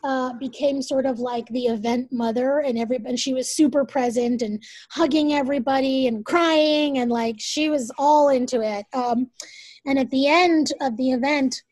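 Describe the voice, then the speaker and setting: A woman in her forties telling a personal story as a guest, emphatic and animated, swearing freely. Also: high-pitched, moderate pace, no echo. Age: 40s. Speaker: guest, event leader.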